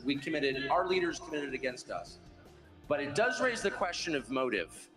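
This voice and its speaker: A man interviewing a guest, earnest and questioning, with halting restarts. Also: fairly high pitch, big pitch swings, music in the background. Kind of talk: interview conversation.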